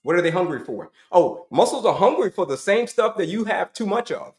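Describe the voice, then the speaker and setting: A man's voice: sits high, animated, brisk, darkish tone, echoey room. A middle-aged man giving an emphatic, repetitive health coaching talk, asking and answering his own questions to the audience.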